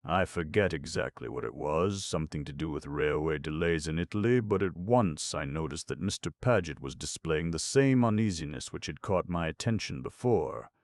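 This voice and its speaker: Measured male audiobook narrator with a very deep, gravelly voice. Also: no echo, clean studio sound. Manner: measured, even storytelling.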